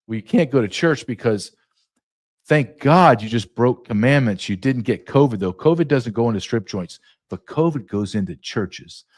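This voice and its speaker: Man, podcast host, sarcastic solo rant, mid-pitched voice, very lively intonation. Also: normal speed. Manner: sarcastic, mocking. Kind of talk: solo political monologue.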